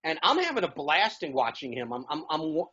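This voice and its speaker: A man's voice: on the high side, very animated, a little fast, pushed and bright, dull audio, a little hiss or hum. A man speaking as a talk show guest in casual chat, eager and rambling with frequent restarts.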